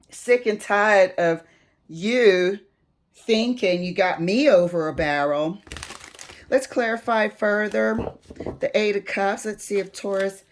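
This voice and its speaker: A woman giving a tarot reading at an unhurried pace, her voice sitting on the lower side. She speaks to spirit as she turns each card and hammers her points with emphatic stress. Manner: emphatic, swings into heated outbursts; addresses spirit while drawing cards. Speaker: tarot reader.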